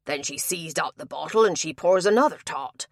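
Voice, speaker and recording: Lady putting on a big grumbly tapster guy, gruff country talk, kinda loud and pushy. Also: low-pitched, expressive, normal speed, no echo, studio quality. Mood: grumbling. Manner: gruff rustic dialect, belligerent then sulky. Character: big sulky male tavern tapster.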